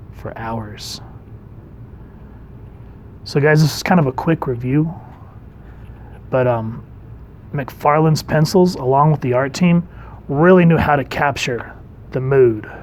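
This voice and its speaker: Relaxed male comic reviewer, mid-range voice, casual chatty delivery, faint background noise. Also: mid-range voice. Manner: chatty, relaxed, reads comic panels aloud.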